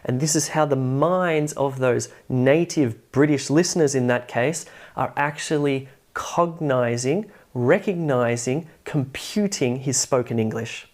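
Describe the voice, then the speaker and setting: Low-voiced woman teaching pronunciation. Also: darkish tone. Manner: explanatory, slowly contrasts word stresses. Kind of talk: online lesson.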